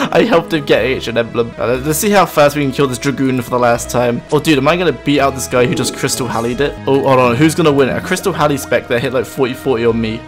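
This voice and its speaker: A man narrating his own gameplay in a lively, excitable way, his voice leaping high whenever things go wrong. He laughs at his own bad luck. Game music plays clearly underneath him. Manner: excitable, quick swings into high-pitched outbursts. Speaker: gaming channel host. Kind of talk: live game commentary. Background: game background music.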